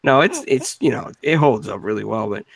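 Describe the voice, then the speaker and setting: A man hosting a casual gaming podcast, talking in a halting way with restarts and fillers. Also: lowish voice, lively intonation, gravelly, dry recording, low-quality recording. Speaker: podcast host. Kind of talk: casual chat.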